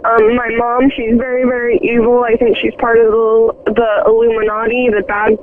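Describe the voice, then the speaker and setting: A scared, tearful woman calling in, speaking in halting, hesitant bursts. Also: on the high side, flat delivery, phone-quality sound, crowd noise. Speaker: caller.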